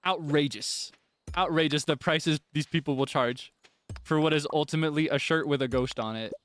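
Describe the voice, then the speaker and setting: A man's voice: on the high side, moderate pace, fairly bright tone. A young man streaming a farming game, chatting casually, laughing often and breaking into dramatic frustrated outbursts. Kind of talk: casual gameplay chat.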